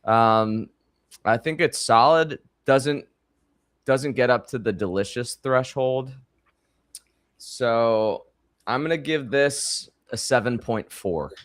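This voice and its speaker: A man co-hosting a podcast in casual chat, talking in a halting way with frequent restarts. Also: medium pitch, fairly bright tone, no echo, clean studio sound. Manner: halting, many fillers and restarts. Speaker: podcast co-host.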